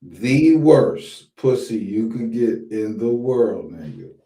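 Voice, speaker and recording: Man hosting a podcast, blunt profane commentary, unhurried, echoey room. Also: mid-range voice, expressive, dark tone. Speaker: podcast host. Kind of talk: casual commentary.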